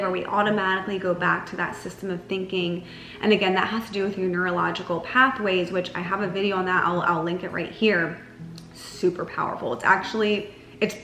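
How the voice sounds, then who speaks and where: Chatty young woman vlogger in echoey room. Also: fairly bright tone. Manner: chatty, lots of "like", mocks herself in a whiny high voice. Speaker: lifestyle vlogger. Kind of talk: casual direct-to-camera advice. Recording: roomy echo with faint music.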